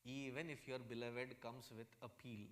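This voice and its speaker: A man with an Indian accent, a swami giving a satsang talk in a humorous, animated storytelling manner. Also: mid-range voice, moderate pace. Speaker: swami, spiritual teacher.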